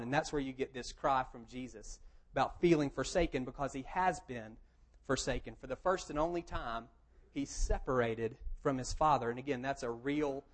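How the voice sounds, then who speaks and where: Guy giving a sermon, reads a bible passage then talks it through, mid pitch. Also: low-quality recording. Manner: reads scripture aloud, then explains it in a plain conversational tone. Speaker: pastor.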